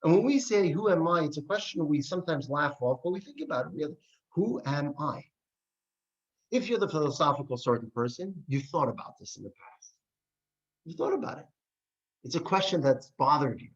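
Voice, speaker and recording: Man, rabbi teaching a class, somewhat high voice, rhetorical questions, lo-fi recording. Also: a little fast. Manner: asks rhetorical questions, tells stories with animated voices. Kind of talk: adult education lesson. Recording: dull lo-fi recording.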